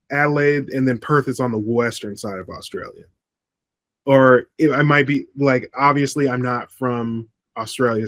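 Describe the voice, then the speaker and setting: Reviewing wrestling in a relaxed podcast chat, a male co-host speaks at medium pitch with no room sound. His talk wanders, broken up by frequent ums and fresh starts.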